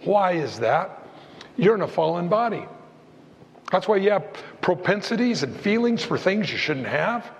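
A man preaching a sermon as pastor, animated, acting out the voices of Bible figures as he goes. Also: high voice, normal speed, dull audio. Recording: long hall reverb.

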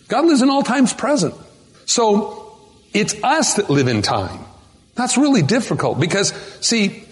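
Emphatic preaching man in a reverberant hall. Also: high voice. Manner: emphatic preaching, slows down to stress key words. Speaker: pastor. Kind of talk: sermon. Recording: long reverb of a large hall.

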